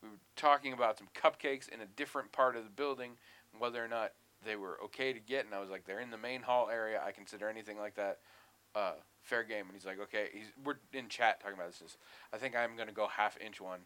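A man chatting on a podcast with a bright, forceful voice. He rants in an animated, profane way and swings into mock outrage as he tells a story. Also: fairly low pitch, fast. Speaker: podcast co-host. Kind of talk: casual chat.

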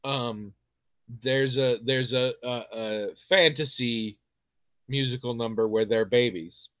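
A man co-hosting a podcast in casual chat, telling stories animatedly with quick restarts and putting on voices now and then. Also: mid-range voice, fairly even intonation, sharp tone, no room sound. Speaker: podcast co-host. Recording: dry, slightly muffled mic.

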